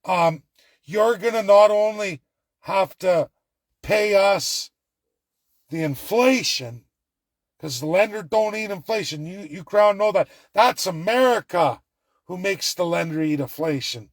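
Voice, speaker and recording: A man from Alberta speaks with a notably high-pitched voice. He rants through political commentary in a sarcastic, angry, mocking way. The sound is dry and close, with no room echo. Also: expressive, measured pace. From Alberta, Canada.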